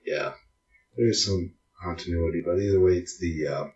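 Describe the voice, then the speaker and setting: A man co-hosting a casual film podcast, often pausing and searching for his words. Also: sits low, a little mellow. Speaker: podcast co-host. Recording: roomy, dull lo-fi sound.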